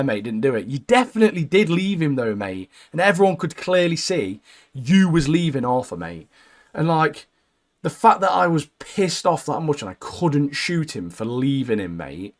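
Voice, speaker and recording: A young man co-hosting a casual gaming chat, blunt and opinionated, ending phrases with "mate" and dropping low. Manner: blunt, says "mate" constantly, trails off low at line ends. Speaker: co-host.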